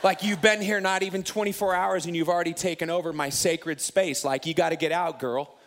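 A man in his thirties preaches with a slightly high voice and an animated, self-mocking manner. He tells a personal story from the pulpit and acts out what he once said to himself and others. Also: fairly quick. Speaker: pastor. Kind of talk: sermon storytelling.

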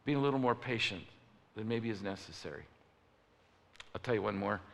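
A man's voice: on the low side, lively intonation, fairly quick, gravelly, fairly bright tone. A man preaching a sermon, telling stories and acting out the people in them. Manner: storytelling preacher, acts out voices. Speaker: pastor. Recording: long reverb of a large hall.

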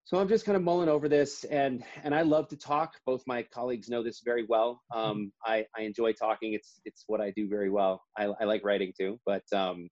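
A man's voice: lowish voice, steady tone, a little fast, hardly any pauses, a little mellow, dull audio. A man who co-wrote a comic book, talking in a chatty, rambling way with many restarts during an interview. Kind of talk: casual interview conversation.

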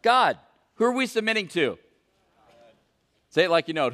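A man preaching a sermon as pastor, questioning the congregation and swinging between loud emphasis and hushed intensity. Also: sits high, sing-song, moderate pace. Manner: questions the congregation and calls for answers. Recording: long reverb of a large hall.

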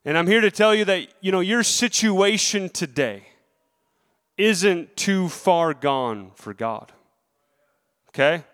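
A man's voice: high-pitched, expressive, slow pace, long pauses, fairly bright tone, in a large hall. A man preaching a sermon, reading scripture aloud and then speaking earnestly, repeating key lines.

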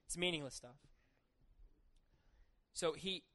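A man's voice: a little high, slow pace, pushed and bright. A young man giving a casual sermon, reading scripture and retelling the story in an informal, chatty way. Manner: informal and chatty, acting out the story in everyday voices.

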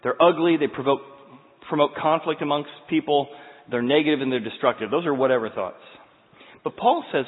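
A man preaching a sermon, telling a story with lively voices and acted-out scenes. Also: fairly high pitch, brisk, big-room sound, phone-quality sound. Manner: animated storyteller acting out scenes. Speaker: pastor.

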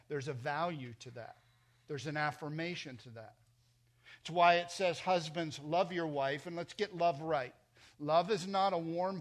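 Emphatic preaching man, fairly high voice. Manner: emphatic preaching, sudden swings between loud and soft. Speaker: pastor. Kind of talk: sermon. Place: church.

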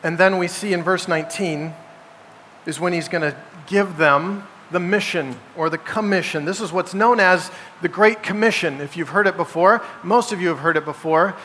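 A man's voice: high voice, moderate pace, pushed and bright. A man preaching a sermon as pastor, emphatic and posing rhetorical questions to his congregation. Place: church sanctuary. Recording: long hall reverb, faint background noise.

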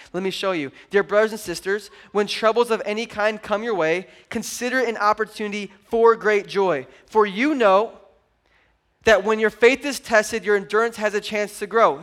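A high-pitched man in his thirties delivers a sermon as a pastor. He tells stories with animated energy, dropping low and quiet, then surging loud and excited as he urges the crowd on. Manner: animated storytelling, acts out his daughter's voice.

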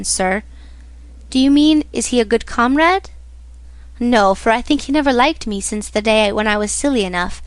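A woman's voice: on the high side, dry recording, natural voice. A woman reading the part of an earnest, polite young male sailor in a storybook. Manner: polite, respectful, eager.

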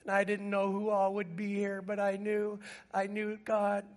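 A man's voice: sits high, completely flat delivery, normal speed. An older man preaching a sermon in a church, telling a family story and rising into fervent, emotional pleading. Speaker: pastor. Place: church sanctuary.

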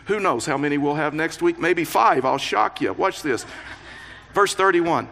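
A man preaches to his congregation, reading scripture aloud and then unpacking it with earnest, building emphasis. His voice is fairly high and forcefully bright, and he breaks in with light joking asides between the serious points. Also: lively intonation, moderate pace, creaky. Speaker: pastor. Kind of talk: sermon.

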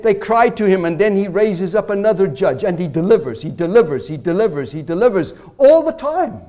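A male preacher delivering a sermon in a high, lively voice that swings widely in pitch. He presses his points with rhetorical questions and repeated phrases. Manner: rhetorical questions, emphatic repetition.

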